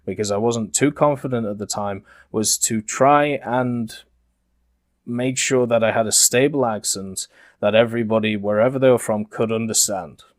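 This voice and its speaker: Slow, deliberate Englishman with a low voice. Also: dry recording, clean studio sound. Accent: neutralized English, softened Yorkshire. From Yorkshire, England. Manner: slow, deliberate, many "uh" fillers. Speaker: gaming YouTuber. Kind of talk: commentary over game footage.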